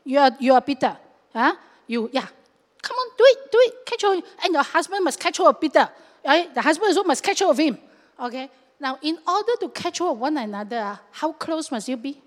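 A woman pastor preaching a sermon, lively and acting out scenes with local fillers. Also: sits high, fairly quick. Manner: animated, acts out scenes and voices, with local fillers like lah. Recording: long hall reverb.

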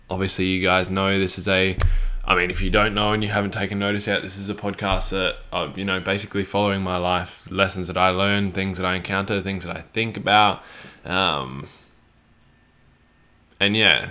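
Foul-mouthed podcast host. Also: male voice, low voice, pushed and bright. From Australia. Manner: crude, profane, rambling with many fillers. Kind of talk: casual solo podcast monologue.

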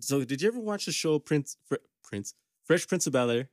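A man co-hosting a loose podcast chat, full of slang and quick laughs. His pitch swings widely as he tells a story. The sound is dry and close, with no room around it. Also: lively intonation, dry recording. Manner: slangy, laughing, says "fool" and "dude" a lot. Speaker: podcast co-host. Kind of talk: casual chat.

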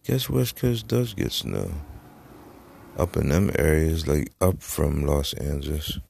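Slow, very deep gravelly man. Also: animated, a little mellow, no echo. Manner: rambling, profane, trailing off with many fillers. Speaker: podcast host. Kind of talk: casual solo podcast rambling. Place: Florida.

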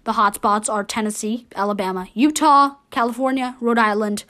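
Higher-pitched woman hosting a casual news show. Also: fairly even intonation, moderate pace, sharp tone. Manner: reads lists with slips and self-corrections. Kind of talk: casual amateur news rundown.

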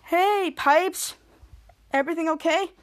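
A woman's voice: very high voice, measured pace, dry recording. A woman voicing an awkward teenage boy who hesitates as he talks to his sister. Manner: hesitant and mumbling.

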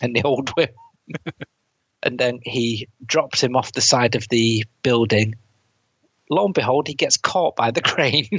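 Husky man retelling a film plot. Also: mid-range voice, unhurried, pauses often, fairly bright tone, no room sound. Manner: laughs often while recounting scenes, quotes lines in put-on voices. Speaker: podcast co-host reviewing a film. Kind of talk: casual chat, retelling a plot. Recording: dull, dry close mic.

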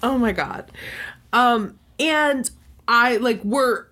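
A woman's voice: fairly high pitch, lively intonation, drawn-out words, pushed and bright. A woman co-hosting a podcast, chatting casually and emphatically, with many "like"s. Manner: chatty, emphatic, says "like" often. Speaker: podcast co-host. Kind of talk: casual chat.

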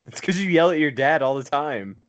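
Animated teasing young-sounding man. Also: on the high side, a little fast. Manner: laughing, teasing, swears often. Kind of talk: casual chat.

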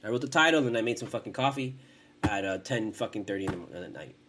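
A man's voice: fairly low pitch, fast, fairly bright tone, slight background noise. A young man hosting a casual podcast from his home, rambling and cursing, with many false starts. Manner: profane, rambling, frequent restarts. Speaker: podcast host.

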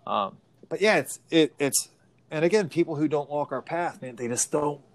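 Middle-aged male karate sensei, frank and plain-spoken, casual podcast talk. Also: medium pitch. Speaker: martial arts instructor.

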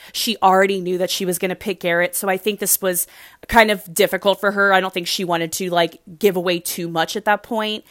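A woman's voice: mid-range voice, fairly bright tone, no room sound, clean studio sound. Gushing, rambling woman recapping a show. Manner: gushing, rambling, heavy use of "like". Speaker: reality show recap host. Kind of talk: casual chatty recap.

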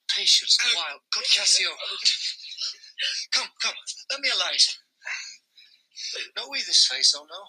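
Brief: sly scheming male soldier read by an amateur, lively swoops, very bright, husky edge. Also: medium pitch, measured pace, pauses often, heavily acted, rough recording. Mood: urgent. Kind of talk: amateur Shakespeare reading.

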